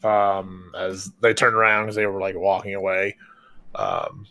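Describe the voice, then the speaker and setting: A man's voice: sits low, flat delivery, unhurried, pushed and bright. A man narrating as game master of a tabletop game, in a casual way with many fillers and restarts.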